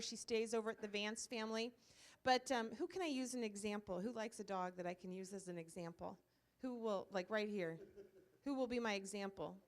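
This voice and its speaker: A woman with a smooth, medium-pitched voice leads a church ministry and presents a comfort dog to a group. She tells a story in a loose, chatty way full of fillers, in an informal presentation to a live audience in a church meeting room.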